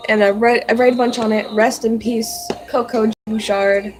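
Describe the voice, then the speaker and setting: A woman's voice: a little high, steady tone, moderate pace, rough recording. A young woman telling a personal story about her pets in a casual, rambling way, full of "like" and "um", earnest and heartfelt. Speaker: vlogger.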